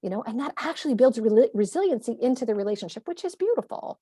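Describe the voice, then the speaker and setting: A woman in her thirties, a parenting coach, explaining in animated, quick conversation. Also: on the high side, husky, no echo, clean studio sound. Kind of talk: conversational interview.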